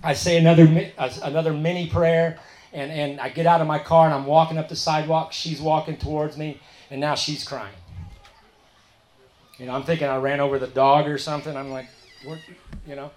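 A middle-aged man, sharing his recovery story at a meeting and telling it as a story, dropping his voice low and soft when he quotes others. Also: little pitch movement, a little fast, roomy sound. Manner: storytelling, quoting others in a softer, lower voice.

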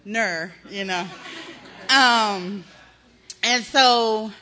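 A middle-aged woman from Texas tells her own story plainly and frankly, slipping into slang as she talks. Her voice is bright and forceful, and her telling is lively. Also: mid-range voice, extremely slow. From Texas, USA. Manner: candid, animated storytelling with slang. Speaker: speaker sharing recovery testimony. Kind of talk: personal testimony.

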